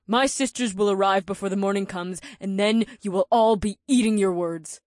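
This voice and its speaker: A woman's voice: mid-range voice, normal speed, a little mellow, dry recording, natural voice. A woman reading a stubborn young witch in an audiobook, proud and defiant, brushing off every doubt. The voice sits mid-range and close, recorded dry with no room. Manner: defiant, insistent.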